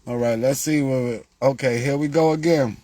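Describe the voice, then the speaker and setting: A man talking casually to viewers about lottery picks, repeating himself and growing exasperated, getting louder when he quotes their questions. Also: medium pitch, normal speed, slight background noise. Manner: repetitive, exasperated, rises when quoting viewers. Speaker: lottery tips creator.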